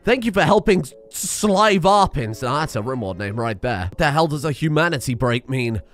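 Excitable man, lively pitch. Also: moderate pace. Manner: excitable, swears and laughs often, exclaims loudly. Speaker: gaming streamer. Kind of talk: let's play commentary.

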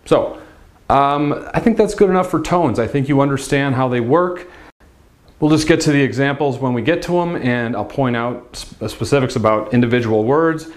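A man teaching a language lesson, demonstrating sounds slowly and drawing out each one. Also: medium pitch. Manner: slow, drawn-out demonstration of sounds.

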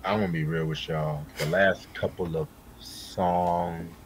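A man co-hosting an album review in casual chat, laid-back and unhurried, swearing casually and a little high. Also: little pitch movement, a little hiss or hum. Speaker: podcast co-host reviewing an album.

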